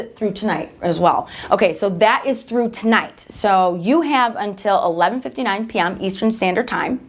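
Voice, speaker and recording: Chatty upbeat woman hosting a live sewing demo. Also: medium pitch. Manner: chatty, upbeat, talks to viewers while working. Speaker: host of a live embroidery stream. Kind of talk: casual live demo chat.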